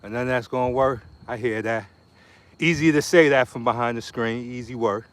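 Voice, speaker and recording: A man, live-streaming a martial arts workout and chatting casually with viewers, trash-talking and joking with loud bursts and laughter. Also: medium pitch, moderate pace. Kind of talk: casual live-stream banter while training.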